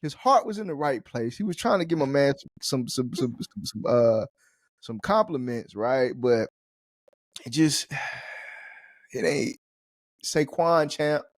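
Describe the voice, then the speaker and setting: A man co-hosting a podcast, telling stories in animated, slangy casual chat and laughing often. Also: mid-range voice, a little slow, dry recording, clean studio sound. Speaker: podcast co-host.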